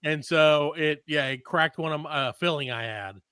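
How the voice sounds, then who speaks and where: A man's voice: a little high, normal speed, smooth. A man, a comedy podcast host, telling a story in casual chat and acting out the other people in it. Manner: animated, acts out the other people in his story.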